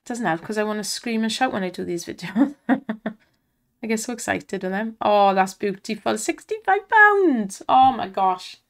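An excitable woman commenting on slot spins and cheering the reels on, her voice strained from shouting. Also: mid-range voice, moderate pace, gravelly. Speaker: slot streamer.

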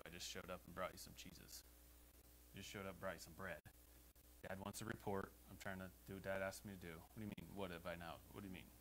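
A man with an American accent preaching a sermon as pastor in a church, emphatic and rising to loud exhortations. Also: fairly low pitch, poor audio. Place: church sanctuary. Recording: faint hum behind the voice.

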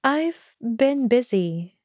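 A woman's voice: a little high, expressive, very slow, darkish tone, dry recording, pitched above the performer's own voice, heavily acted. An earnest young witch speaks in a raised, hesitant voice, as a woman reads her in an audiobook. She sounds tense and unsure. The sound is dry and close, with no room around it.

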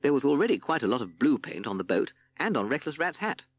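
A man narrating a children's audiobook in an expressive storytelling manner. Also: medium pitch, quick pace.

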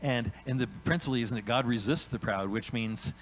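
Animated preacher man asking "right?". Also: mid-range voice, fairly quick, a little hiss or hum, rough recording. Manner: animated, acts out God's voice in quotes, frequent "right?" tags. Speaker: pastor. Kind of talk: sermon. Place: church sanctuary.

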